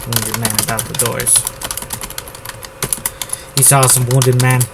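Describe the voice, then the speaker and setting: A man from the United States drafting his novel out loud, repeating words and phrases as he types them. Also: medium pitch, flat delivery, slow pace, gravelly, heavy background noise. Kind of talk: thinking aloud while drafting a novel. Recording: loud keyboard typing over the voice. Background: keyboard typing.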